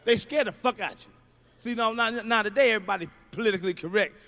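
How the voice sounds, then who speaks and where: A middle-aged man doing a stand-up routine, ranting loudly and profanely. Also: high voice, quick pace. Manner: profane, shouting rants. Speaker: stand-up comedian.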